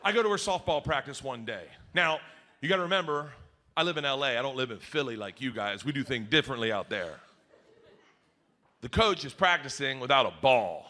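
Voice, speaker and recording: A middle-aged man doing stand-up comedy, telling a story in an animated way and jumping into high shouted voices for the people he quotes. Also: a little fast, noisy background. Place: live comedy venue with audience.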